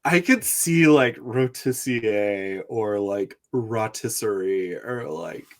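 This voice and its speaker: Man co-host, unhurried delivery, dry wry humor, casual podcast chat. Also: mid-range voice, sing-song.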